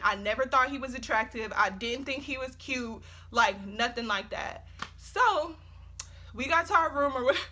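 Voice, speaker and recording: Young woman vlogger, high and bright, animated casual storytime. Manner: animated, swearing, lots of slang and fillers.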